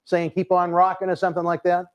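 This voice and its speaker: A man hosts a wrestling livestream in an upbeat, chatty way, reading out fan messages. His voice sits high for a man. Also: monotone, fast talker, a little hiss or hum. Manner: upbeat, calls people baby. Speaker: show host. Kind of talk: livestream hosting.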